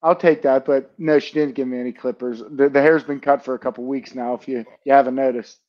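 A man's voice: medium pitch, steady tone, fairly quick, highs cut off. A man co-hosting a casual podcast chat, teasing his teammates. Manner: joking, teasing banter. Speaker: podcast co-host, football player.

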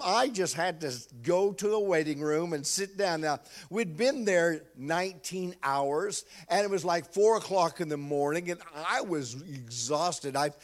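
An older man preaching a sermon, calling out to the congregation and telling a personal story. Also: fairly high pitch. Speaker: pastor.

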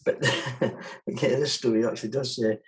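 A man's voice: medium pitch, steady tone, normal speed, rough recording. A man being interviewed as a musician guest, talking casually and rambling with many restarts.

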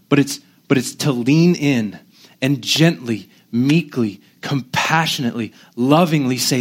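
A man preaching a sermon in a conversational, animated way, poking fun at himself and often restarting sentences. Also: medium pitch, a little slow. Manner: conversational, animated, self-deprecating, with frequent restarts. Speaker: pastor.

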